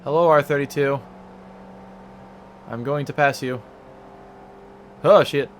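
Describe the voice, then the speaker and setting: A man's voice: mid-range voice, takes it slowly, a little hiss or hum. A man giving casual, rambling, self-mocking commentary while playing a racing game from home. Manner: rambling, self-mocking, sings silly stutters. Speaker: let's play gamer.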